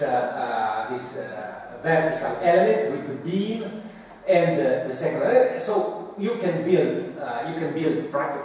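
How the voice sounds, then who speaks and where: Halting man lecturing in an echoey hall. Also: medium pitch, a little mellow, slight background noise. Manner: halting, searching for words, many pauses. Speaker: architecture lecturer. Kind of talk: academic talk with slides. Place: large hall. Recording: echoey hall recorded from far off.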